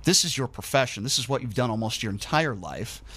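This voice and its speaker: A man hosting a casual interview, animated and jokey, often jumping in with quick remarks. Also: medium pitch, husky. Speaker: podcast host.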